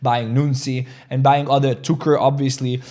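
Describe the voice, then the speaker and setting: Crypto stream host, man, upbeat and talkative, reads viewer chat, average pitch. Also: moderate pace. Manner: energetic, chatty, reads out chat comments. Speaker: crypto trading livestream host. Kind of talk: casual livestream chat. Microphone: desk mic, studio chair creaking.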